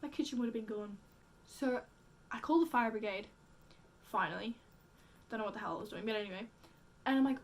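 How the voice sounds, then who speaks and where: A woman's voice: a little high, lively intonation, quick pace, faint music behind. A young woman telling a story casually, full of "like" fillers and acted-out quotes, with casual swearing. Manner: chatty, heavy use of "like" fillers. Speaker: vlogger.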